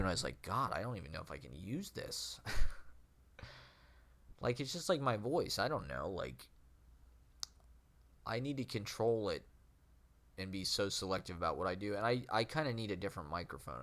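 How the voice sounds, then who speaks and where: A man's voice: on the low side, big pitch swings, normal speed, long pauses, fairly bright tone. A man vlogging in a rambling, self-questioning way, with a nasal voice, many fillers and frequent laughs. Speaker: vlogger and aspiring street poet. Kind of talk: rambling casual monologue.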